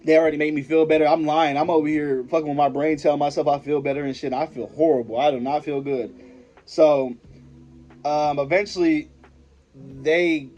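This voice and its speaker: A man's voice: on the high side, fairly even intonation, normal speed, a little mellow. A young man vlogger telling a personal story in a rambling, profane, slangy way, often stopping and restarting his sentences. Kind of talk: casual storytelling to camera.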